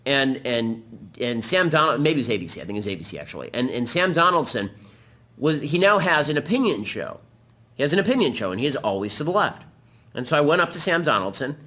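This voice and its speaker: A man hosting a political talk show, delivering a combative, rapid-fire commentary monologue. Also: mid-range voice, sing-song, sharp tone.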